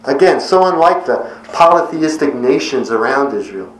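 A middle-aged man preaching a devotional sermon in an earnest, measured way, slowing on key words. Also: medium pitch, expressive. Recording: echoey room with faint ambience.

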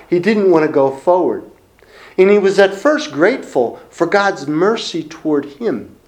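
A middle-aged man preaching a sermon in an earnest, reflective manner, pausing and repeating phrases. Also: on the high side, a little mellow.

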